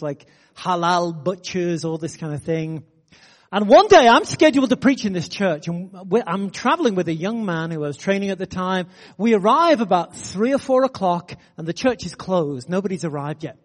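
A man preaching a sermon, telling a story with animated energy. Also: high voice, big-room sound. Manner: animated, building excitement in anecdotes.

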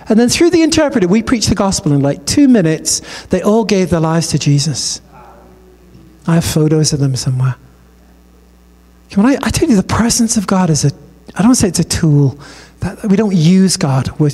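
A man preaching a sermon, telling a story in a conversational, animated way and acting out the dialogue. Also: high-pitched. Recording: long hall reverb.

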